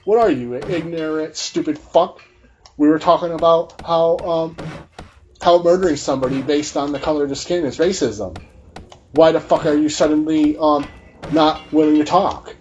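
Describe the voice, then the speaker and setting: Angry swearing guy ranting over gameplay, kinda high pitched, muffled audio. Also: moderate pace, a little mellow, a little hiss or hum. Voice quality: profane, repetitive, agitated. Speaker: gaming channel host. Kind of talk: heated rant during gameplay commentary.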